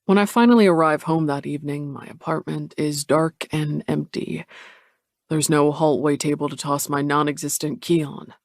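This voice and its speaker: Gravelly man narrating an audiobook. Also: on the high side, fairly even intonation, no echo, studio quality. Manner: measured, introspective. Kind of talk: first-person scripted narration.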